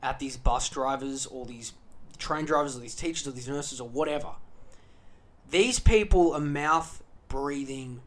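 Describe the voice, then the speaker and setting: A man's voice: on the high side, fairly bright tone. An Australian man hosting a podcast, ranting angrily and sarcastically with heavy profanity. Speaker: podcast host. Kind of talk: ranting monologue.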